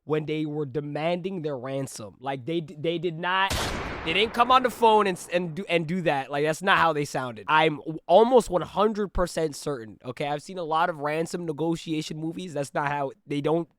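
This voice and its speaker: A young man streaming a reaction video, talking in a rambling, animated way full of "like" and "you know". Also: on the high side, normal speed, no echo, clean studio sound. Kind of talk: casual reaction commentary.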